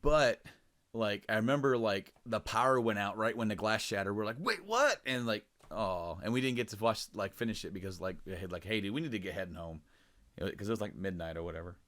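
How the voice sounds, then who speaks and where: A man with a slightly low voice, chatting loosely on a podcast. He rambles, circling back with fillers and restarts as he recalls things. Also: fast, fairly bright tone. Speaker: podcast co-host. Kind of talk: casual chat.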